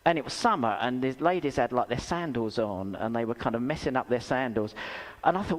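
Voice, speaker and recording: A man's voice: medium pitch, a little fast. A man preaching a sermon in a church, telling stories with self-deprecating humour and asking rhetorical questions. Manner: animated storytelling with rhetorical questions. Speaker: pastor. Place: church hall. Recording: reverberant church hall.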